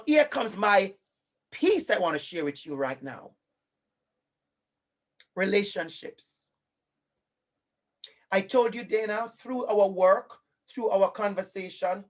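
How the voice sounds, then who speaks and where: Animated Jamaican man, high voice. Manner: animated and emphatic, talks straight to a colleague by name. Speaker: lecturer. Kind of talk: live online lecture.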